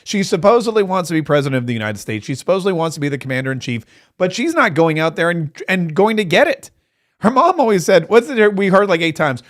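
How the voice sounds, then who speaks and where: A man hosting a live political reaction stream, talking in a sarcastic, mocking and excitable way. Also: sits high, quick pace. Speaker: political commentator host.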